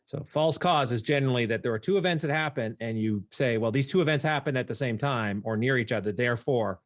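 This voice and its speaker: A man co-hosting a podcast in casual chat, explaining points in a measured, step-by-step way. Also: medium pitch. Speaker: podcast co-host.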